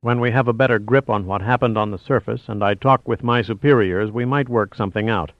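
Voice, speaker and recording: Man reading stony male commander, terse, quiet, slightly muffled. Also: fairly low pitch, a little fast, no echo, close to an everyday voice. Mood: steady.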